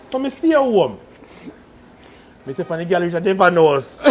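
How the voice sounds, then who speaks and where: A young man with a strong Jamaican accent and a notably high voice tells a rambling personal tale in casual patois. He laughs often and keeps the telling loose and lively, with a faint hum of ambience behind him. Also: slow, pauses often. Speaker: guest telling a story.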